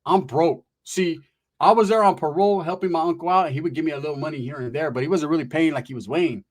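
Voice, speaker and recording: A man rattles through a crude, profane comic story at a rapid clip. His voice sits somewhat high. He slips into the voices of the people he quotes.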